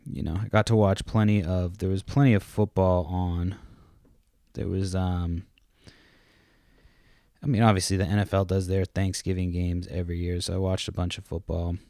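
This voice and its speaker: A man's voice: sits low, flat delivery, normal speed, dark tone, no room sound, clean studio sound. A man in his thirties hosting a podcast from home, rambling casually and cursing often as he goes off on tangents. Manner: profane, rambling, self-interrupting. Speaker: podcast host. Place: home, kids nearby.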